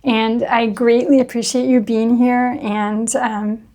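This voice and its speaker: Woman tarot reader, slightly high voice, gentle and reflective, reads card meanings from a book with plenty of pauses. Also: flat delivery. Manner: gentle, earnest and reflective, with many pauses and fillers. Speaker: tarot reader, channel host. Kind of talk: spiritual tarot card reading.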